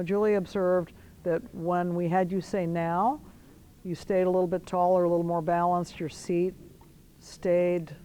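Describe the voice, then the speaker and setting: A woman riding instructor coaching a rider in an arena, giving brisk commands mixed with encouragement. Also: on the low side, warm tone, slight background noise, poor audio.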